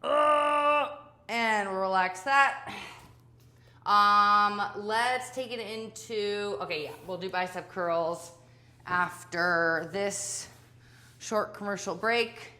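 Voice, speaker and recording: This fitness instructor has a medium-pitched, sharp-toned voice and draws out her words. She leads a live home workout chattily and self-deprecatingly, tired from exercising as she speaks.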